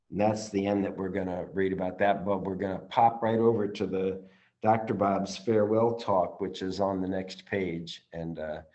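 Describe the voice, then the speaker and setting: Halting man reading a recovery text. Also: lowish voice, mellow. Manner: halting, with many ums and restarts; earnest, gets emotional at times. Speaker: study group leader. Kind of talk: reading aloud and commenting. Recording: slightly dull, lo-fi audio.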